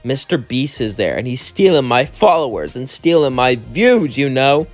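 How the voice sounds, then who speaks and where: A man's voice: medium pitch, sing-song, normal speed, faint music behind, close to an everyday voice. A man reading a bratty influencer diva.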